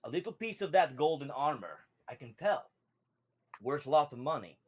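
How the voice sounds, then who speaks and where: A man's voice: a little high, very animated, moderate pace, breathy edge. A man voicing a male fish-man merchant who talks with a wobble in his voice and a pushy, broken sales patter. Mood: sly.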